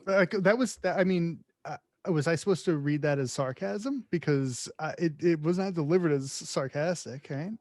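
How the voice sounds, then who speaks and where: A man's voice: fairly high pitch, normal speed, few pauses, no echo, studio quality. A man co-hosting a podcast, casually questioning and riffing on movies with stammered repeats. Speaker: podcast co-host.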